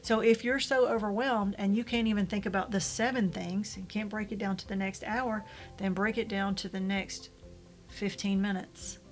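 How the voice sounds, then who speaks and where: A middle-aged woman talking straight to fellow widows, blunt and motherly, with a casual tough-love manner. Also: mid-range voice. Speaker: widow vlogger giving advice. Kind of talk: casual motivational talk to camera.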